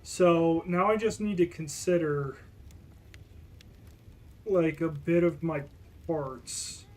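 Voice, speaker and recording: A gaming streamer talks through gear choices at a slow, unhurried pace. Half-muttered and trailing off, as if thinking aloud mid-stream. Middle pitch, relaxed chatter. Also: slight background noise. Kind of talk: casual gaming stream commentary.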